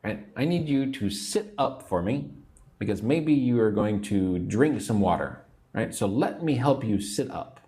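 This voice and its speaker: A man's voice: on the low side, expressive, a little slow, warm tone. A man teaching an English lesson on a livestream, patiently repeating words for learners and sounding a little sleepy. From United States. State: sleepy, yawning.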